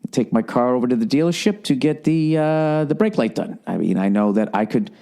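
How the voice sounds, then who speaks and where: A man hosting his own podcast in a loose, rambling rant. His voice sits at an ordinary middle pitch, and he swears freely. He mocks himself as he goes. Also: expressive, brisk, mellow. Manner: profane, rambling, self-mocking, mimics people in put-on voices. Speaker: podcast host. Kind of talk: casual rant.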